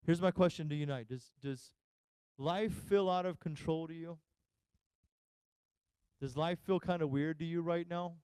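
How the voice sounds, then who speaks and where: During a church service live stream, a male pastor gives a humorous sermon, telling stories and acting out the voices of the people in them. His fairly high, darkish, smooth voice moves at a moderate pace with long pauses, on a dry recording.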